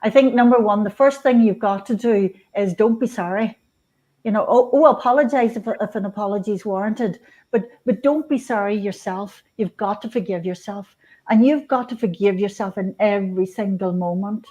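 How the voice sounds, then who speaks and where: Woman guest, soft mellow tone, slow reflective spiritual musing, lots of restarts. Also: medium pitch. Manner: unhurried, many restarts and fillers. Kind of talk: reflective spiritual talk on radio.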